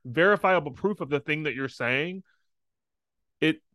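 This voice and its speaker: A young man co-hosting a podcast, telling a story in an animated way, laughing often and acting out voices. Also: on the high side, a little slow, no echo, clean studio sound. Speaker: podcast co-host. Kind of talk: casual chat.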